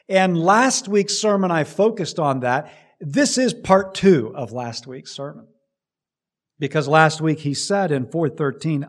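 Emphatic male preacher, slightly high voice. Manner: emphatic preaching with dramatic swells and drops in volume. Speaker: pastor. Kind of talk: sermon.

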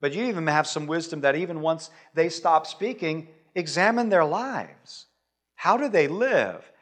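Pastor, male, fairly high voice, relaxed storytelling sermon with big swings in volume. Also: unhurried. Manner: conversational preaching, dynamic swings in loudness.

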